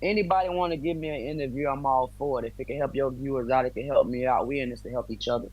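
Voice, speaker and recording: A man's voice: medium pitch, very fast, lo-fi sound. Talkative friendly fighter man. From United States. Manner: friendly, talkative, loose American slang. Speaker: bare-knuckle fighter guest. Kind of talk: casual interview chat.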